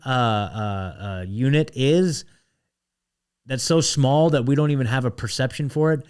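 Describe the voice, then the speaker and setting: An American man hosting a commentary show, ranting bluntly with restless restarts and asides. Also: on the high side. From United States. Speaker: host.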